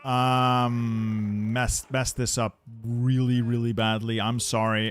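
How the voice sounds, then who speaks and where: A man hosting a strategy-game video, talking casually, clearing his throat often, and muttering and repeating himself in a self-deprecating way. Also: medium pitch, level tone, slow pace, few pauses, a bit bright. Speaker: gaming video host.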